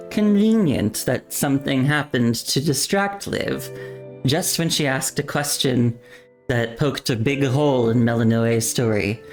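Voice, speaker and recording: A woman streamer narrating a game story aloud with slow, deliberate pacing and wry asides. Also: very deep voice, expressive, soft background music. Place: home streaming setup.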